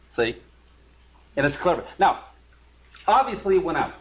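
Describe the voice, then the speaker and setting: Animated man teaching a Bible study. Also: fairly high pitch, moderate pace. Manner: animated, emphatic, reads scripture aloud with asides. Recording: lo-fi recording.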